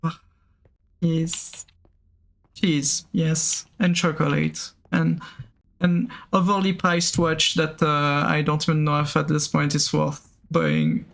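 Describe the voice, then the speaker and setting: Gravelly Swiss-French man chatting on stream. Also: on the high side, expressive, slow pace, a bit bright. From Switzerland. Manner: rambling, many fillers and restarts, answers chat. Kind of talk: casual live-stream chat.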